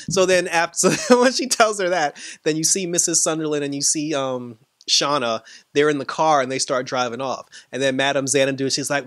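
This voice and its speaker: Animated man recapping an episode. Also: mid-range voice, fairly quick, no room sound. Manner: animated retelling, quoting characters, frequent laughs. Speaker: TV episode reviewer.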